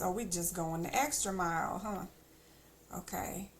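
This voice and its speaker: Slow, gravelly woman streamer. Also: lowish voice, fairly even intonation, a little hiss or hum. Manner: chatty, thinking aloud, teasing asides. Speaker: game streamer. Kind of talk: casual gameplay commentary.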